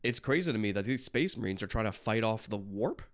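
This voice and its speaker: A man's voice: on the low side, expressive, brisk. A man reacting to a video, chatting casually with lots of fillers, swearing and restarts. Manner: rambling, swears often, frequent fillers.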